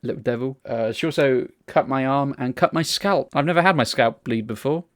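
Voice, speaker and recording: A man's voice: medium pitch, brisk. A man co-hosting a casual podcast, telling rambling, sweary stories full of restarts. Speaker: podcast co-host. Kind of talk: casual chat.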